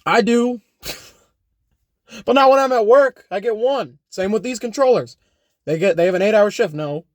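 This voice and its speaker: A man's voice: sits high, normal speed, a little mellow, no echo, studio quality. A young man rambling through an unscripted comedic vlog, joking and correcting himself, often tagging lines with "all right?". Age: young adult. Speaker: YouTuber. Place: home.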